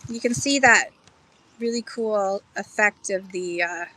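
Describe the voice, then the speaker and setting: A woman running a lively live-stream pottery auction outdoors in a park, chatty and excitable, explaining pieces between bids. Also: medium pitch, unhurried, low-quality recording. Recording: faint outdoor background noise.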